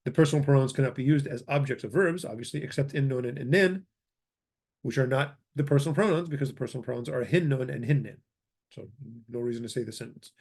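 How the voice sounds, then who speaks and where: A man teaching a grammar lesson into a desk microphone. He speaks at an ordinary middle pitch. He is methodical, repeating example words slowly before translating them. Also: creaky, darkish tone, breathy edge. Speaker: language teacher.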